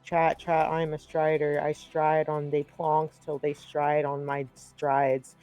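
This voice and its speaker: A man's voice: a little high, completely flat delivery, slow, a little mellow. A man playing a boastful lava-walking game creature, in a silly sing-song way, over background music.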